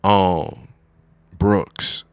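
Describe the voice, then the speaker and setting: A man's voice: sits low, extremely slow, clean tone, no room sound. A man chatting casually, rambling through a story with lots of filler words. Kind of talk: casual chat.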